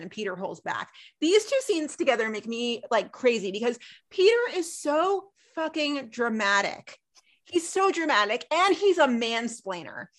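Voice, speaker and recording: A woman's voice: a little high, sing-song, a little slow, fairly bright tone. A woman co-hosting a podcast, recapping a TV episode in casual chat, ranting emphatically and swearing freely.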